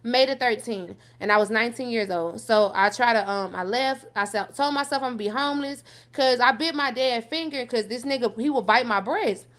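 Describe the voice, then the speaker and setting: A young woman talks through her own past. She is blunt and profane. She keeps pushing the story on with "so fast forward". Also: fairly high pitch, a bit bright. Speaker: guest telling her life story. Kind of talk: candid personal storytelling on a call-in show.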